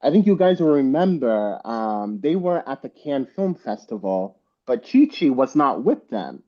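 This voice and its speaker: A man's voice: medium pitch, sing-song, unhurried, muffled recording. A man on a group video chat as a guest panelist, emphatic and repeating his points. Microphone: video call.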